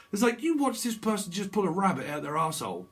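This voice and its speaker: A man giving a rambling, jokey tarot reading, laughing often between his thoughts. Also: high-pitched. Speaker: tarot reader. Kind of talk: casual tarot reading monologue.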